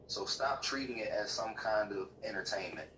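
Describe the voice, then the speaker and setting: Synthetic male chatbot, formal and lecturing, low, bright tone, played from across a roomy space, faint tv behind. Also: normal speed, far from the mic, a little hiss or hum. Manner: stiff, lecturing, polite. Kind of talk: calm, formal replies. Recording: roomy speaker playback with faint TV.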